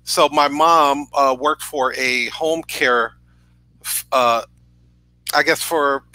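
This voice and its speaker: Guy from new york on a video call, bright clear voice, dry sound, earnest storytelling, keeps saying right?. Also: mid-range voice, fairly even intonation, slow, dry recording, poor audio. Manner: earnest, says "right?" often. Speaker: podcast guest. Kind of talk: emotional personal storytelling.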